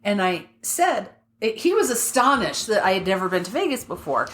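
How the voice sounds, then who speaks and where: A woman's voice: mid-range voice, moderate pace, roomy sound, a little hiss or hum. A woman co-hosting a podcast, telling stories in casual chat and swearing freely. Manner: animated storyteller, swears freely. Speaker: podcast co-host.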